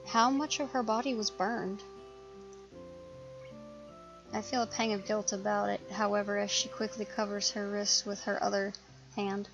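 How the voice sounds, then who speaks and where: A woman hosting a let's play, reading a visual novel aloud in a steady narrating voice with small slips. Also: medium pitch, highs cut off.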